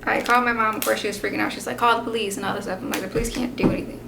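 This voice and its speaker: A young woman telling a story on a casual vlog, chatty and animated, full of fillers. Her voice has a gravelly fry at the ends of phrases, at a middle pitch. The home recording has a clear noise floor behind her. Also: very fast. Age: 20s. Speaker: vlogger and mother.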